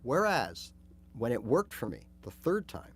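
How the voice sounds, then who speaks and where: Man, guitar teacher, casual livestream lesson, chatty, animated, middle pitch. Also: a little slow, a little hiss or hum. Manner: chatty, animated, acts out little scenes.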